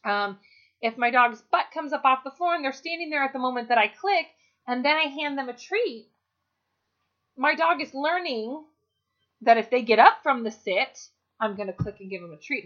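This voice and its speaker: A woman's voice: on the high side, animated, brisk, fairly bright tone. A woman dog trainer giving a practical, chatty lesson, with the odd "um" and "you know". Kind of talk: instructional talk. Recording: dull lo-fi recording.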